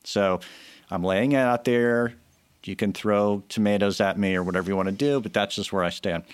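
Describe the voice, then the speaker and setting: A man's voice: on the low side, steady tone, moderate pace, clean tone, dry recording. A man cohosting a podcast, chatting casually and giving strong opinions with many restarts, into a microphone. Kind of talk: casual chat. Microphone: studio microphone.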